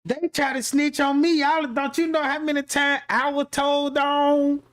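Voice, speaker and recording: High-voiced, rambling male comic storyteller. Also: measured pace. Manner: rambling, slangy, animated, full of fillers. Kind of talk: profane comic monologue.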